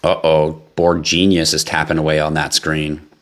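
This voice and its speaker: A man from Canada hosting a crypto livestream, chatting casually with viewers and reading their comments in a profane, teasing, animated way. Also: a bass voice, moderate pace.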